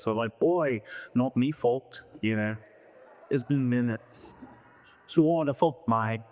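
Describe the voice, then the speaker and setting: Brief: male comedy host, mid-pitch, casual and crude between acts. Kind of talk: stand-up hosting.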